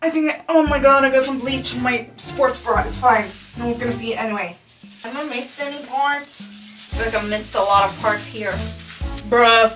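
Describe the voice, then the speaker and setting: A woman's voice: fairly high pitch, normal speed. A young woman vlogging casually at home late at night, swearing constantly in a frustrated, self-mocking way. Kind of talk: casual talk to camera. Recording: distant mic with music behind.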